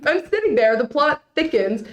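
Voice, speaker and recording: A young woman in her late teens, co-hosting a student podcast and telling an animated story full of "like". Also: high-pitched, normal speed, muffled recording, a little hiss or hum. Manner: animated storytelling, heavy use of "like". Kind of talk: casual chat.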